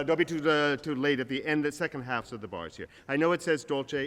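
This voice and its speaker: A man's voice: medium pitch, quick pace, hardly any pauses, fairly bright tone. A man leading an orchestra rehearsal, giving directions and singing phrases with nonsense syllables. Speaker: orchestra conductor. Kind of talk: rehearsal instruction. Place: large concert rehearsal hall. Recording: reverberant hall with orchestra playing. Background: orchestra playing.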